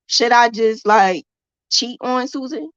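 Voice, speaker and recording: A woman's voice: a little high, slow, a bit bright, clear, resonant tone, no echo, dull audio. A woman hosting a casual crochet livestream, talking in a playful, chatty way and likening crochet hooks to a romance. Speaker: crochet host.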